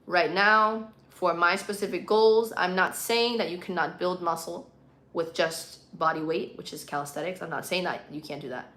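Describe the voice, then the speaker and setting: A woman's voice: on the low side, fairly even intonation, normal speed, fairly bright tone, roomy sound. Young adult woman streamer, bilingual, casual chat read off comments, leans on words for emphasis. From Puerto Rican and Colombian, living in the US. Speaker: live streamer.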